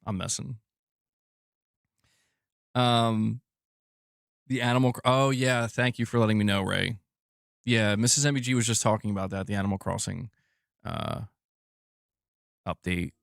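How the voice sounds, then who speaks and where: A man's voice: fairly low pitch, steady tone, a little slow, vocal fry, pauses often, no echo, clean studio sound. A man hosting a casual livestream chat, rambling and correcting himself, laughing often. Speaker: streamer host.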